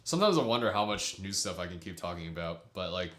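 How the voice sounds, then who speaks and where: Deep-voiced chatty streamer. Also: male voice, sing-song, quick pace, fairly bright tone, echoey room. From United States. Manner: rambling, chatty, laughs often. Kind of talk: casual livestream chat.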